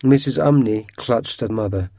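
Guy reading a storybook aloud, unhurried, warm low tone, no room echo. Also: clean studio sound. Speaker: narrator. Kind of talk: audiobook storybook narration.

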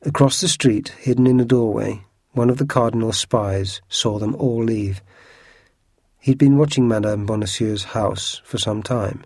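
Brief: male narrator, mellow dark tone, a bit breathy, expressive storybook reading. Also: fairly low pitch, normal speed, no room sound, clean studio sound.

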